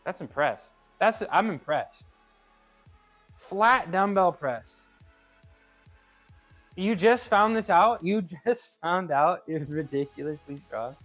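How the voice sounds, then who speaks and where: A man's voice: sits high, lively intonation, slow, long pauses, fairly bright tone, faint music behind. A man chatting casually with his live-stream viewers as he trains, laughing easily and often restarting his phrases. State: working out. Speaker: streamer reading chat.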